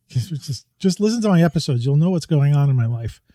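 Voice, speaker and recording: A man's voice: fairly high pitch, expressive, fairly quick, mellow, no echo, studio quality. A middle-aged man co-hosting a podcast in casual chat, rambling and chatty and often laughing as he talks. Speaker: podcast co-host. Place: home, New York.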